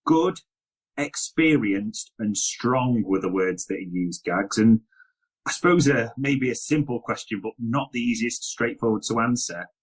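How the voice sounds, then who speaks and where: A man's voice: medium pitch, unhurried, rough recording. A man hosting a podcast discussion, steadily leading the talk and putting questions to his guest. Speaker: podcast host.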